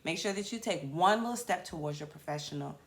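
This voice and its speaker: A woman talk show host and comedian, chatting loudly and rambling. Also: on the low side, quick pace, roomy sound. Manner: loud, animated, chatty and rambling. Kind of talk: casual talk show chat.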